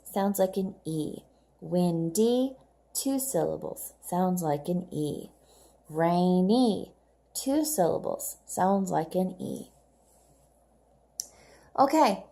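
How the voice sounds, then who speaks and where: A woman's voice: mid-range voice, a little mellow. A woman teaching children English phonics, patiently asking questions and praising their answers.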